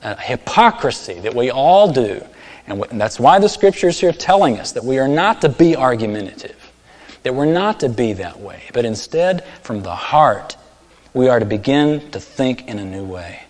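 A man preaching a sermon, telling stories and acting out characters with sudden loud, high outbursts. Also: sing-song, moderate pace. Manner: storytelling, acts out voices with big swings in pitch and volume. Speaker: pastor. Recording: long hall reverb.

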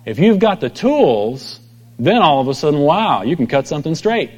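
A middle-aged pastor giving a conversational sermon, telling stories and acting out quoted voices. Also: male voice, a little high, sing-song, moderate pace, a little mellow. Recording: long hall reverb.

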